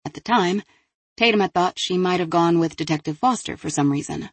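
A woman narrating an audiobook in a measured, even way. Her voice sits low and a little husky. The close microphone gives a dry sound. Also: dry recording. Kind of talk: scripted narration.

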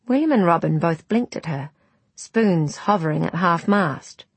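A woman narrating an audiobook in a measured, even storytelling manner. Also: low-pitched, breathy edge, no room sound.

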